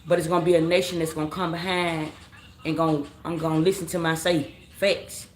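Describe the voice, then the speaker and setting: Low-voiced woman doing a live tarot reading. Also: flat delivery, a little fast. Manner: casual, slangy, addresses the chat as family; rambling, repeats phrases, scolds commenters. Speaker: tarot reader on a live stream. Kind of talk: late-night live stream tarot reading. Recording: roomy echo with faint background noise.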